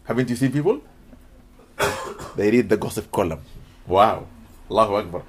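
A man's voice: lowish voice, normal speed, slight background noise. A man giving a sermon, reciting Arabic verses and explaining them in English, acting out little dialogues. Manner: animated, mixes Quranic Arabic recitation with English teaching, acts out dialogues. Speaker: preacher.

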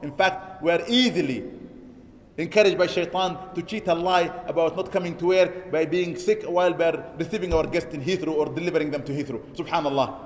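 A man's voice: on the high side, a little fast. A man delivering an emphatic Eid sermon in a mosque, quoting Arabic verses and then translating them. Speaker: imam preaching an Eid sermon. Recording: echoey hall.

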